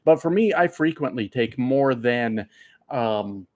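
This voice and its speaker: A man's voice: mid-range voice, expressive, takes it slowly, a little mellow. A man who drives trucks chatting casually with viewers, rambling and swearing, a bit tipsy from beers. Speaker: trucker streamer. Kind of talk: casual live chat answering viewers.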